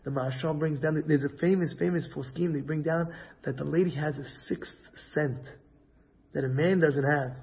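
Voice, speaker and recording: A man giving an inspirational religious talk on parenting, animated and acting out family dialogues. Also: on the high side, moderate pace, gravelly, muffled recording. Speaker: Torah lecturer giving parenting advice.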